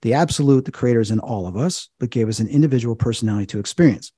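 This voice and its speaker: Husky, mellow-voiced man telling stories. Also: medium pitch, rapid-fire, no room sound, clean studio sound. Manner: acts out quoted voices, excited. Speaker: psychic medium and TV host. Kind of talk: animated storytelling interview.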